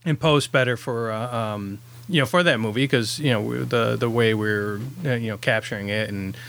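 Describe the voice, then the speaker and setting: A man's voice: medium pitch, moderate pace, creaky, a bit bright. Rambling man, director chatting on a podcast. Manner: rambling, full of fillers and restarts. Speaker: independent film director. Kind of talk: casual podcast chat.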